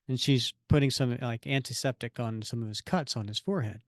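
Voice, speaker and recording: A man's voice: medium pitch, fairly quick, hardly any pauses, dry recording, studio quality. A man co-hosting a podcast who reads a comic aloud and acts out the dialogue with energy. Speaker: podcast co-host. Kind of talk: casual chat and reading aloud.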